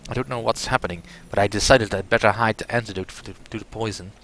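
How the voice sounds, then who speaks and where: A man voicing a gruff, bitter male dwarf adventurer, reading his journal aloud in a grumbling, cursing way. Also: on the low side, fast talker, fairly bright tone, a little hiss or hum, rough recording. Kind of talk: read-aloud journal in a game.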